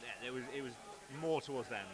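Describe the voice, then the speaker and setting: A man's voice: mid-range voice, fast talker. A man co-hosting a casual wargaming livestream, bantering and laughing, often restarting his sentences. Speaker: co-host of a wargaming stream. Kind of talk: casual stream chat.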